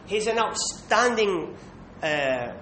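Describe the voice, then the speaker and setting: Male preacher, high voice, emphatic sermon delivery, roomy echo with a faint low rumble. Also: expressive, slow, bright, forceful tone. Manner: emphatic, with rhetorical "Hmm?" checks. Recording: echoey room with faint rumble.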